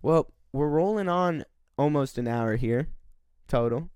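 Higher-voiced young man, excitable chat. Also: a little slow, clean tone, no echo. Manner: excitable, swearing, laid-back. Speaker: podcast co-host. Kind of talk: casual chat.

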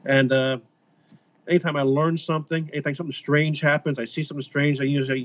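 A man's voice: a little high, fast. A man, a missionary author from the United States, telling stories in a rambling, casual way in an interview. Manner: rambling, animated when retelling. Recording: slightly dull lo-fi audio.

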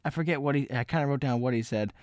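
A man's voice: medium pitch, rapid-fire, dry recording, studio quality. A young man co-hosting a podcast, telling stories in a loose, casual way, laughing often and slipping into comic voices for strangers. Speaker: podcast co-host. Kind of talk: casual chat, storytelling.

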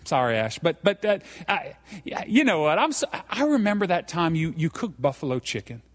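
A man's voice: on the high side, big pitch swings, moderate pace, fairly bright tone. A Cajun man preaching a live sermon as pastor, folksy and joking, tagging his points with "okay?". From South Louisiana. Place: church. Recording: reverberant hall.

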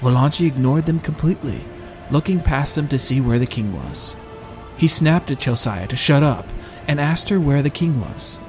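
Male audiobook narrator over soft music. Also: medium pitch, lively intonation, moderate pace. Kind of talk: first-person audiobook narration.

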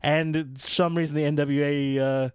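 A man co-hosting a casual chat about wrestling, excitable and rambling, often laughing as he talks. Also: a little high, moderate pace, clear, resonant tone, no echo, clean studio sound. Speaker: podcast co-host.

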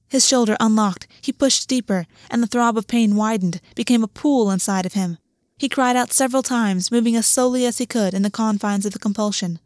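A woman narrating a story in a steady, measured reading style. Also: a little high, no room sound, clean studio sound. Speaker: audiobook narrator.

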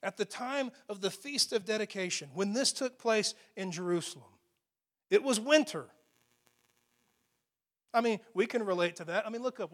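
Male pastor with a high voice, preaching in a church; conversational and emphatic, with asides to the listeners. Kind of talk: sermon. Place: church sanctuary.

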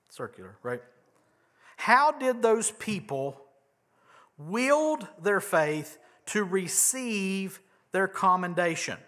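A man's voice: fairly high pitch, pushed and bright. A man preaching a conversational sermon, asking rhetorical questions and leaning hard on key words. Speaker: pastor.

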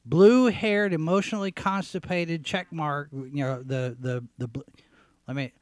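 A man hosting a talk show, giving sarcastic commentary as he reads out headlines, often clearing his throat and restarting his sentences. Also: a little high, fairly even intonation, measured pace, no room sound. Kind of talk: opinionated commentary, reading headlines.

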